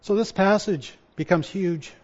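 A male pastor giving a sermon, moving from quiet personal reflection to loud, emphatic repetition. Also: high voice, unhurried. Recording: dull lo-fi sound.

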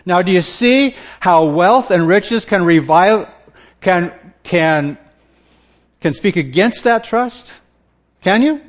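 A man preaching a sermon, slow and emphatic, often stopping to ask his listeners questions and repeating his words. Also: sits high, expressive, muffled recording.

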